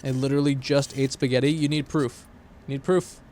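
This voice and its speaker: A man streaming a game, talking in an excitable, rambling and jokey way to his chat. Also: medium pitch, a little fast. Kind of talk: gaming livestream chat.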